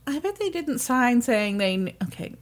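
A woman's voice: fairly high pitch, sing-song, moderate pace. A woman co-hosting a podcast who reacts bluntly in casual chat and swears now and then. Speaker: podcast co-host.

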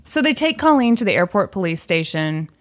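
A podcast host with a mid-range voice talks a little fast while relating a creepy true story in relaxed chat. Animated throughout, she does the voices of the story's characters.

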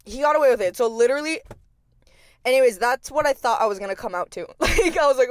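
A woman's voice: fairly high pitch, quick pace. A young adult woman hosting a podcast in a casual, rambling monologue, full of profanity and fillers, and telling stories expressively. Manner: expressive storyteller. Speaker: podcast host.

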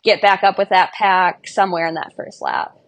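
A woman's voice: fairly low pitch, normal speed, gravelly. A young woman, a marathon runner, speaking as a podcast guest in an earnest, emotional, bubbly way. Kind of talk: podcast interview.

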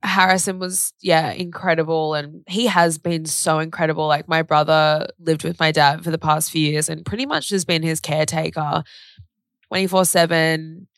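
A woman's voice: deep voice, fairly even intonation, normal speed, dry recording, studio quality. A young woman, co-hosting a podcast and talking candidly and emotionally, full of "like" and the odd swear word. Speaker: podcast co-host. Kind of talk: casual chat.

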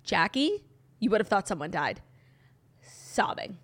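Chatty woman podcast co-host, a bit hoarse. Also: mid-range voice, animated, a little fast, fairly bright tone. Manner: chatty, gushing, lots of "like" fillers. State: a little hoarse from crying. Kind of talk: casual chat.

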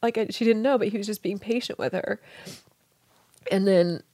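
A woman in an interview, telling a deeply personal story in a tender, hushed way that often sinks to a soft whisper. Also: moderate pace, no room sound. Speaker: interview guest.

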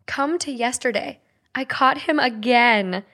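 Young woman podcast host, slightly high voice, reads out listener posts, expressive. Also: a little slow. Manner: laughs easily, reacts expressively. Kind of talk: casual chat and reading listener posts.

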